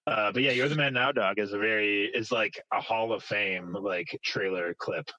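A man co-hosting a podcast, chatting casually in an animated, opinionated way. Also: fairly low pitch, moderate pace, no room sound, highs cut off. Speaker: podcast co-host. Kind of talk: casual chat.

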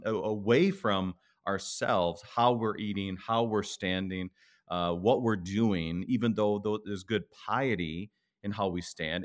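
Low-voiced pastor man, slow and deliberate. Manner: thoughtful, slows down to stress key words. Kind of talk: conversational podcast discussion.

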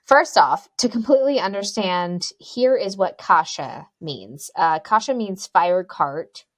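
A woman's voice: fairly low pitch, expressive, measured pace, no echo. A woman podcast co-host telling a spooky story in casual chat, joking asides and reading out an old news article. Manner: chatty, jokey asides, frequent ums.

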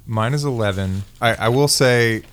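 A man's voice: mid-range voice, normal speed, clean tone. A man playing a tabletop game, chatting and thinking aloud about his character. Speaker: player. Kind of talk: casual tabletop play.

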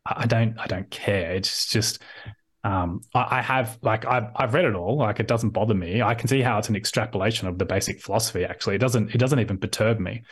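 A man's voice: on the low side, brisk, breathy edge. A man with an Australian accent, a podcast guest on a video call, talking loosely with many restarts and acted-out quotes. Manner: rambling with frequent restarts, acts out quoted voices. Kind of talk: casual conversational interview.

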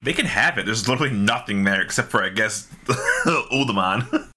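A man's voice: fairly low pitch, a little fast. A man co-hosting a casual gaming podcast, talking loosely and swearing, sometimes chewing as he speaks. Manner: animated, swearing, eating while talking. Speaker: podcast co-host.

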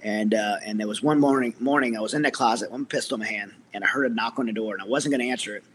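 A man's voice: fairly low pitch, very fast, fairly bright tone, a little hiss or hum. A middle-aged man, a military veteran, earnestly telling his personal story as an interview guest, with many restarts.

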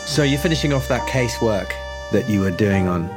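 A man narrating a tabletop horror game as game master, relaxed and full of hesitations. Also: lowish voice, fairly quick, over music.

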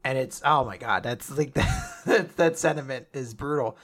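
A man's voice: mid-range voice, a little slow, fairly bright tone. A man co-hosting a podcast, chatting casually and earnestly about a manga chapter, often laughing. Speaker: podcast co-host.

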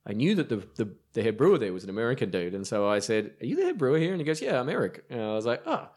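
A man's voice: medium pitch, very animated, very fast, a little mellow. A man with an Australian accent, a brewer on a podcast, telling rambling anecdotes in casual chat with lots of ums and restarts. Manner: rambling, filler-heavy anecdotes. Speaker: brewer guest.

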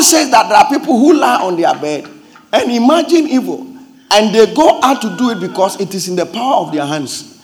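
Lively-pitched man preaching. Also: a little fast. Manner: teacherly, checks understanding with repeated questions; swings from quiet explaining to loud emphatic preaching. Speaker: pastor. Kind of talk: sermon.

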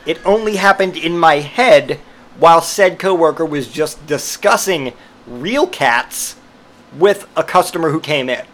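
Guy with a slightly high voice rambling thru a story, swears a lot, kinda amused, lots of likes and ums. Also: lively intonation, unhurried, fairly bright tone. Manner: rambling, profane, amused, many fillers. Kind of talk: casual storytelling monologue.

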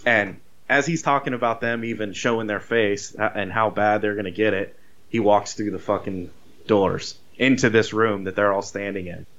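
A man casually retelling a movie plot, rambling and animated, with swearing. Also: fairly low pitch, normal speed, dull audio. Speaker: podcast co-host.

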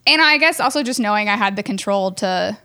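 A woman's voice: medium pitch, expressive, brisk, pushed and bright. A woman who owns a gym, telling stories in a casual, chatty way, filling her talk with "like" and laughing as she goes. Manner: chatty, fills speech with "like". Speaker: gym owner. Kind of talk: casual storytelling in conversation.

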